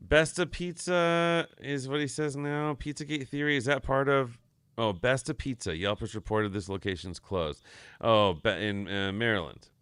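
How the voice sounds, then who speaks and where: A man's voice: mid-range voice, normal speed, fairly bright tone, clean tone, no echo. A man hosting a live stream, chatting casually, reading viewer comments aloud and swearing offhand. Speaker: stream host.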